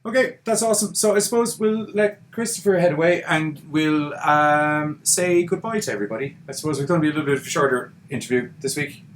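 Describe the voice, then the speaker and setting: Joking podcast host. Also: male voice, a little high, fairly quick, hardly any pauses, slight background noise. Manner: joking, loose and swearing. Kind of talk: casual chat.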